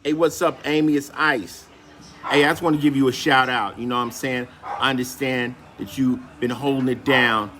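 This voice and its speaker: A man recording a casual, slangy video shout-out, loose and energetic in delivery. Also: medium pitch, normal speed. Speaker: celebrity giving a shout-out.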